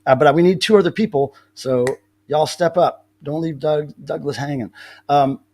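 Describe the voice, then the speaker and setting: A man's voice: on the high side, normal speed, darkish tone. A man hosting a casual live stream, telling rambling stories with many restarts. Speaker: livestream host.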